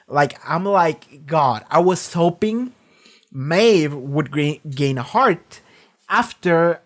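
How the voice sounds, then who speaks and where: A man talks through a show in casual reaction commentary. His voice sits a little high, and he rambles with plenty of fillers and cursing. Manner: loose, profane retelling full of fillers. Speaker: reaction video host.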